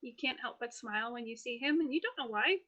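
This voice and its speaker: A woman runs a tabletop game with a high, bright voice. She narrates scenes in a lively, playful way and laughs often between descriptions. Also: quick pace. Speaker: game master.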